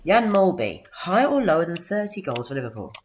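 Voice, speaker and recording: Male podcast host, mock game-show presenter, theatrical drawn-out reveals with high-pitched jingles. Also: sing-song, noisy background. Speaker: podcast host running a quiz.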